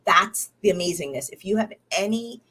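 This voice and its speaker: A woman's voice: medium pitch, animated, moderate pace, bright, forceful tone, slightly rough. A woman in her thirties chatting casually diary-style, rambling with many fillers and restarts, tired and recovering from illness. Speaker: podcast host.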